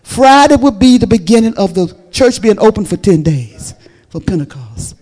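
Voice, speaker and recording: A woman preaching a sermon, moving between fervent, loud exclamations of praise and quiet, intimate storytelling. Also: medium pitch, big pitch swings, moderate pace.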